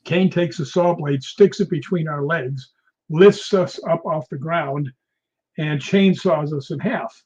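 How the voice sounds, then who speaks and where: A man's voice: on the high side, unhurried, husky. A man guesting on an interview show, telling film set stories in a casual way and laughing often. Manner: animated storyteller, laughs often. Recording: dull lo-fi sound.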